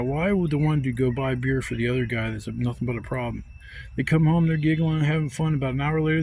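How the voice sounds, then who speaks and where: A man vlogging from a campsite outdoors, telling a profane, animated story and acting out other people's voices. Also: medium pitch, slight background noise. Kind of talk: casual storytelling rant.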